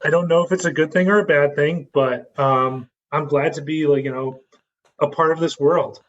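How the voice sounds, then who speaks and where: A man's voice: a little high, fairly even intonation, normal speed, lo-fi sound, slight background noise. A man joining a podcast over a video call, laughing and poking fun at himself. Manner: laughing, self-mocking. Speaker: podcast guest. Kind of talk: casual chat. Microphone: video call mic.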